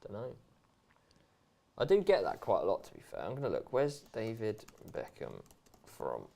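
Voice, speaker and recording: A man's voice: fairly low pitch, huge pitch swings, normal speed, creaky, warm tone. Chatty laughing man, casual co-host. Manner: chatty, laughs often, rambling restarts. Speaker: co-host reading viewer chat. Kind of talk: casual chat during a match watchalong.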